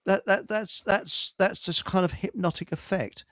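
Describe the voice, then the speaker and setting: A man's voice: sits high, steady tone, unhurried, a bit bright, no echo, clean studio sound. An older man hosting a casual talk show, chatty and amused. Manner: chatty, laughs at his own jokes. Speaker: host.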